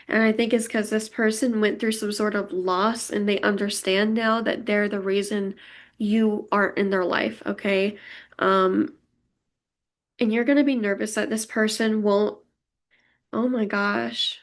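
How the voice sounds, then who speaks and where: A woman's voice: mid-range voice, steady tone, unhurried. A young woman giving a pick-a-card tarot reading, emotional and gushing as she talks straight to her viewers. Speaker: tarot reader.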